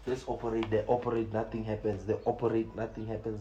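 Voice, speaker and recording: A man, a preacher telling a story in an excited way, often repeating words and laughing as he talks. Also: lowish voice, quick pace, roomy sound, dull audio, slight background noise. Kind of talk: animated storytelling.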